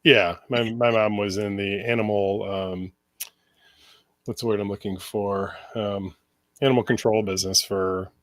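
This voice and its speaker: A man co-hosting a live chat show in a relaxed, searching way, pausing on ums as he finds his words. His voice sits a little low, and the recording is dry and close, with no room sound. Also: no room sound. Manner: relaxed, hesitant, full of ums, reads out viewer comments. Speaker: co-host. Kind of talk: casual chat.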